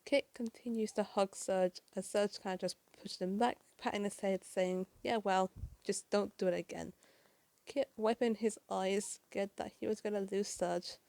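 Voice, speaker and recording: A woman's voice: medium pitch, a little mellow, dry recording. Casting: gushing chatty woman, casual comic recap, dry close sound. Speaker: comic reviewer.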